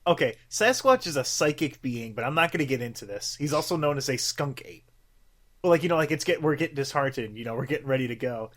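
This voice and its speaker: A man's voice: mid-range voice, lively intonation, fast talker, a bit bright. Rambling young podcast guy. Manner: rambling, lots of filler words and swearing. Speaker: podcast co-host. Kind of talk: casual podcast chat.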